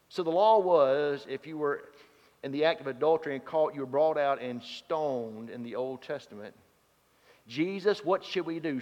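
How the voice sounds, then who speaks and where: A man preaching a sermon, telling stories and swinging from loud to hushed. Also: a little high, normal speed. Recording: dull sound in a reverberant hall.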